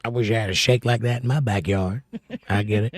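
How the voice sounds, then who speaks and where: A man's voice: lowish voice, steady tone, fairly quick, no echo. Southern guy hosting a live stream, reads chat out and jokes back, plain dry sound. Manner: joking, reads viewer comments aloud and answers them. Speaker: livestream host. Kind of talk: casual chat.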